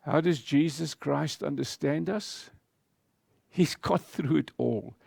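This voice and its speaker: A man preaching a sermon as pastor, speaking in a slow, emphatic way with deliberate pauses. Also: on the high side, creaky, darkish tone, breathy edge, dry recording.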